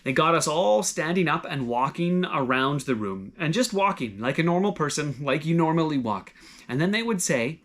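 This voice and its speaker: A man with a slightly high voice delivers a sermon in a relaxed, conversational way. He encourages his listeners gently and talks through everyday examples as though chatting with a friend. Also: normal speed. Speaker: pastor.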